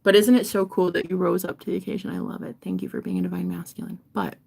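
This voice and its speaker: A woman giving a casual reading to camera, animated and profane, sometimes dropping into a whisper. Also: on the low side, fast, creaky. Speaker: tarot reader.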